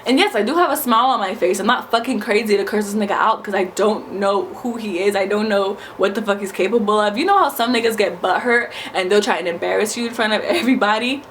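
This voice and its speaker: A woman in her twenties from New York, telling a story in a casual vlog, animated, profane and emphatic. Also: mid-range voice, fast talker, hardly any pauses, slight background noise. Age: 20s. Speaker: vlogger.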